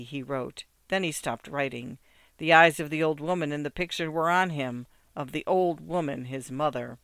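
A man reads a literary story with measured, rhythmic phrasing, his smooth, resonant voice sitting slightly high. The sound is close and dry, with no room around it. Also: fairly bright tone, no echo. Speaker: narrator. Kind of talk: scripted narration of a literary story.

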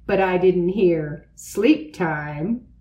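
A woman's voice: lowish voice, very slow, warm tone, echoey room. A woman voicing a brainy, matter-of-fact boy who talks precisely, in a read-aloud storybook. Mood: dry. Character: brainy know-it-all boy.

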